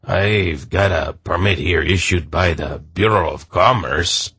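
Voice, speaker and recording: A man's voice: low-pitched, slow, bright, forceful tone, husky, no room sound, full character voice. A man voicing a rangy, easygoing merchant who talks in an offhand, chatty way. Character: rangy, easygoing male merchant, shrewd and talkative.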